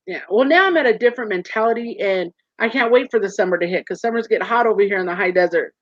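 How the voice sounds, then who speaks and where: A woman in her forties, a guest in a casual interview, telling stories with lively acted-out quotes over a video call. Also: medium pitch, fast, no room sound. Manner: animated storyteller, acts out quoted voices. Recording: muffled dry call audio.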